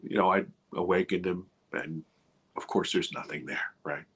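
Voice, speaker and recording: A middle-aged man telling a personal story as a guest, dramatic, dropping to a hush and rising again, with many restarts. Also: sits low, fairly even intonation, moderate pace. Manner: dramatic, swings from loud to hushed, many restarts. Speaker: guest filmmaker. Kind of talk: animated storytelling.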